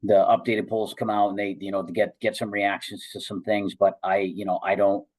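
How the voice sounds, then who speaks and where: A man hosting a radio talk show, speaking casually with halting restarts. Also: on the low side, little pitch movement, darkish tone, poor audio. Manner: halting, many fillers and restarts.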